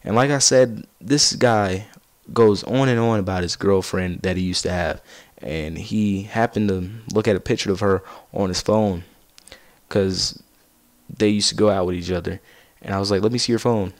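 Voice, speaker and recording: A teenage boy doing casual gaming commentary, rambling through a story and getting loud and excited as he laughs at it. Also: on the low side, moderate pace, dry recording. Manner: rambling, gets loud and excited while laughing at his own stories. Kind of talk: casual storytelling over gameplay.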